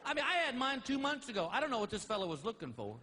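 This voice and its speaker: A man's voice: extremely high pitch, huge pitch swings, racing, bright, forceful tone, slight background noise. A man, telling a stand-up comedy story and acting out both sides of the dialogue. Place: theater stage with a laughing audience. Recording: live stage recording, audience laughter.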